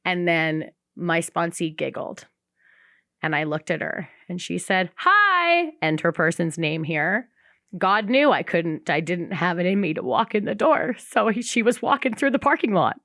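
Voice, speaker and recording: A woman's voice: on the low side, moderate pace, fairly bright tone, dry recording, studio quality. A young woman on a casual recovery podcast, a candid storyteller who swears freely and acts out the voices of the people in her story.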